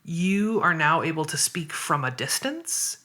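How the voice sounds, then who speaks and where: A woman's voice: low voice, animated, a little slow, pushed and bright. A woman guest on a podcast interview, explaining her views thoughtfully and step by step. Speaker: guest writer and activist.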